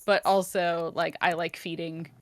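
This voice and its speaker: A woman's voice: fairly low pitch, level tone, measured pace. A woman hosting a trivia night on an online voice call, upbeat and playful, laughing easily and swearing for fun. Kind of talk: casual group chat on a voice call. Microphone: computer mic on an online voice call.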